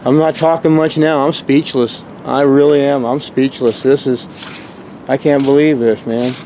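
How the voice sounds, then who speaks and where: A man's voice: mid-range voice, fairly even intonation, moderate pace, warm tone, slight background noise. Rambling man filming on a rocky shore. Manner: rambling, exclamatory, bursts into whoops. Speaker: vlogger exploring rock formations. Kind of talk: excited narration while filming outdoors. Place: rocky shore outdoors at low tide.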